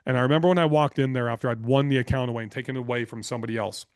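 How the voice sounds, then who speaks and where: A man speaking as a podcast guest, spinning business anecdotes in a blunt, energetic, casual way with plenty of swearing. His voice sits at a middle pitch for a man. The sound is dry, with no room echo. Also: rapid-fire, clean tone. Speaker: podcast guest, real estate investor. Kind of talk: casual interview storytelling.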